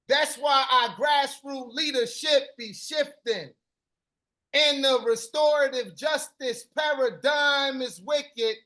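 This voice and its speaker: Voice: high-pitched, fairly bright tone. A live-stream host performing spoken-word poetry in a rhythmic, chanted delivery with repeated refrains.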